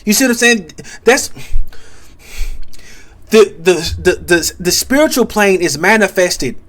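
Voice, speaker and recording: A young man with a notably high voice delivers a rambling spiritual commentary monologue. He restarts phrases constantly and keeps asking whether the listener follows him. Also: expressive, fairly bright tone. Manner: halting, many restarts, keeps asking "you see what I'm saying". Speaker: content creator.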